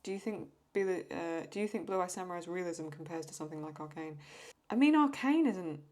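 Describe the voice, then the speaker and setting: A woman's voice: on the low side, fairly quick, darkish tone. Chatty English woman drawing on stream. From England. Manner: chatty, rambling, self-talk. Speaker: host. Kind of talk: casual chat while drawing.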